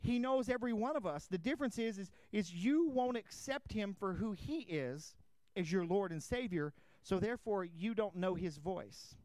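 High-voiced man preaching a sermon. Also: lively intonation, moderate pace, darkish tone, no echo. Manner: preaching with scripture reading and direct questions to listeners. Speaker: pastor.

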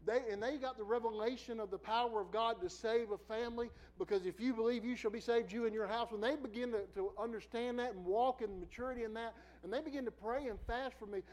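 A middle-aged man preacher telling a personal story in a sermon, laughing often and swinging from quiet asides to loud bursts. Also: very high-pitched, poor audio.

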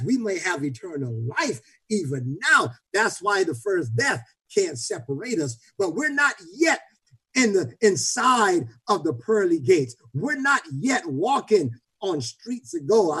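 A man preaching an impassioned sermon to his congregation online, shouting and repeating phrases as he builds. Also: high-pitched, sing-song, measured pace, breathy edge, rough recording. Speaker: pastor. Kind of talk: livestreamed sermon.

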